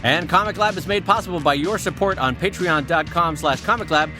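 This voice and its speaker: A man's voice: fairly high pitch, music in the background. A man co-hosting a podcast in casual chat, playful and teasing. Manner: playful, teasing, quick-witted. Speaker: podcast co-host.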